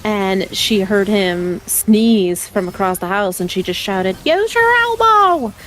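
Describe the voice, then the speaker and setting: A young adult woman streams a game and chats casually into a desk mic, laughing often through rambling anecdotes. Her mid-range voice is level and slow, with slight background noise.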